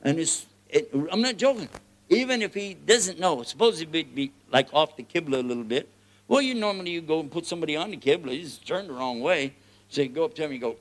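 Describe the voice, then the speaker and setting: Texan guy preaching, jokey and lively, kinda high voice, laughs a lot. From United States. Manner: animated, joking, laughs often, swings loud and soft. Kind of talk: sermon.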